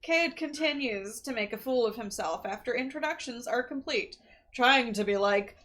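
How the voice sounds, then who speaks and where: A woman's voice: a little high, moderate pace, fairly bright tone. A woman co-hosting a podcast, recapping a movie in casual chat with dry, wry asides. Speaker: podcast co-host.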